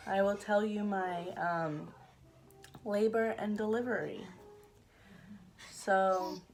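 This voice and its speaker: A young woman vlogging, telling a personal story casually, with frequent fillers and the odd laugh. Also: medium pitch. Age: young adult. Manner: chatty, laughs now and then, many fillers.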